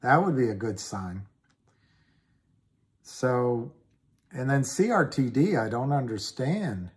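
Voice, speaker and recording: Guy on a livestream, talks real slow, rambles, reads chat out loud, mid pitch. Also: expressive. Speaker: livestream host. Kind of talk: casual livestream chat about stocks.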